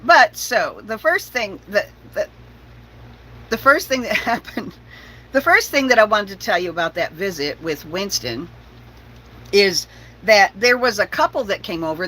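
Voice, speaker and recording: Animated woman telling a story. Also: on the low side, a little hiss or hum, low-quality recording. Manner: animated, laughs often, talks to her dog. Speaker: vlogger. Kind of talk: casual storytelling. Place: her bus home.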